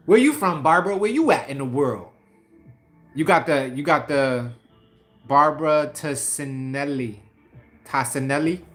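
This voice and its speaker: A man from New York City with a New York accent, hosting a casual livestream and chatting with viewers in lively slang. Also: medium pitch. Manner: animated, slangy, laughs often, talks to viewers by name. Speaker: livestream host. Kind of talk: casual live chat reading comments.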